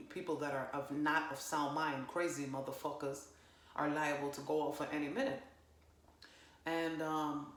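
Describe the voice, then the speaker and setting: A woman giving a casual spiritual monologue, swearing freely and talking with emphatic, animated energy. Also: sits low. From parents from Jamaica. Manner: profane, animated, emphatic, fillers. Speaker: spiritual channeler vlogger. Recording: roomy echo.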